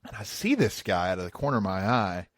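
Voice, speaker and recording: A young man co-hosting a podcast, telling stories in a casual, animated way and laughing easily. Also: fairly low pitch, fast talker, no echo, studio quality. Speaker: podcast co-host. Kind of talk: casual chat.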